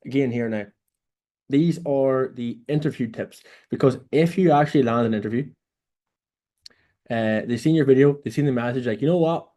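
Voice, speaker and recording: A man's voice: medium pitch, normal speed, dark tone. A young Irish man coaching beginners in a casual, blunt monologue, swearing freely and tagging lines with "right?". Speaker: online business coach. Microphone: phone or camera mic in a room.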